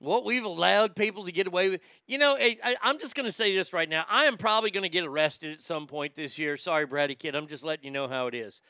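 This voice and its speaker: A man's voice: high voice, fast, few pauses, sharp tone, clear, resonant tone, no echo, clean studio sound. A male comedian hosting a livestream, reading chat aloud and ranting in a blunt, profane way. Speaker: comedian host.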